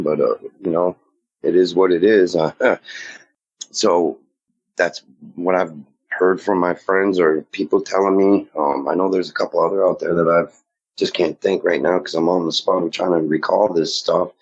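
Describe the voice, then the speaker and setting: A man with a very low, husky voice tells his story casually. He rambles and slips into quoting others mid-sentence. The audio sounds dull and lo-fi. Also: a little mellow. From Maine. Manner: rambling, quotes others in dialogue. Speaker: guest recounting sightings.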